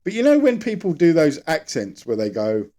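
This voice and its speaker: A man's voice: on the high side, huge pitch swings, brisk, dark tone. Rambling man, casual podcast chat. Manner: rambling, jokey, tries silly accents. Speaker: podcast co-host.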